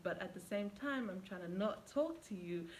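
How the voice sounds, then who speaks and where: A woman's voice: mid-range voice, moderate pace, a little hiss or hum, poor audio. Young woman telling a storytime. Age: young adult. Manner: animated retelling with quoted dialogue, many fillers. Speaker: vlogger. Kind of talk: storytime vlog.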